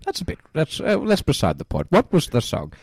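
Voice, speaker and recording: Deadpan, rambling comedy co-host man. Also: on the high side, fairly quick, breathy edge, no room sound. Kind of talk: improvised comedy radio parody.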